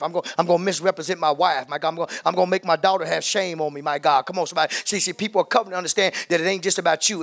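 Fervent high-voiced male pastor preaching. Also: vocal fry. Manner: call-and-response preaching, repeating "my God" and "come on, somebody"; climbs into fervent, drawn-out shouting at the peaks. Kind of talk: sermon. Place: church.

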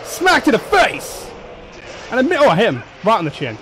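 A man commentating on his own gameplay, excitable, swearing, shouting and laughing at the action. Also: high voice, moderate pace, a little hiss or hum, poor audio. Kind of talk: let's play commentary.

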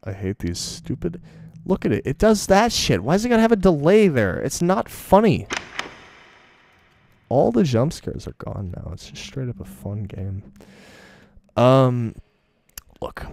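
A man's voice: mid-range voice, sing-song, a little slow, vocal fry, a little mellow. A young man giving casual, profane, rambling commentary while playing a game, mocking himself as he goes. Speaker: gaming video host.

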